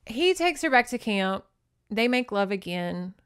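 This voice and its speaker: A woman hosting a podcast, recapping a novel in a sarcastic, chatty, animated way. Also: mid-range voice, measured pace, clear, resonant tone, no echo, clean studio sound. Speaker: podcast host. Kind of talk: casual book recap.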